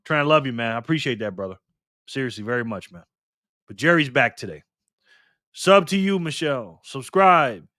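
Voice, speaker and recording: A man's voice: medium pitch, expressive, normal speed, sharp tone, dry recording, studio quality. Chatty man hosting a live stream. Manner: laid-back, joking, chatty, reads chat aloud. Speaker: livestream host. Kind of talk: casual live-stream chat reading donations.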